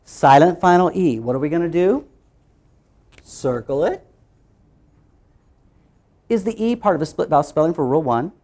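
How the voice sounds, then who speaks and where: This is a male phonics trainer working with teachers, energetic and fast to change pitch. He asks questions, answers them himself, and chants through steps that repeat.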